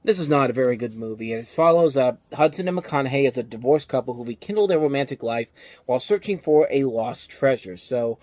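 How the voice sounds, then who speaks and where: A man's voice: medium pitch, animated, a little fast, darkish tone, no room sound. A man giving a casual, exasperated movie review, rambling with frequent restarts. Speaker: film reviewer.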